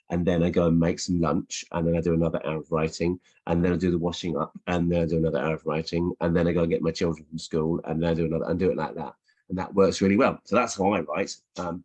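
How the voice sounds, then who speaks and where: A man's voice: low voice, darkish tone, slightly rough, muffled recording. A middle-aged man, a children's author, chatting casually with schools over a video call from his home office, playful, with many ums and restarts. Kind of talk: casual virtual Q&A with reading aloud.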